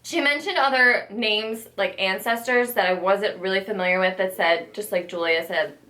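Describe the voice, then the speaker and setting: Young woman guest on a vlog, mid-pitched everyday voice, rambling story full of filler. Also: moderate pace, pushed and bright. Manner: rambling, lots of filler likes. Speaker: guest friend. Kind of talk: casual storytelling.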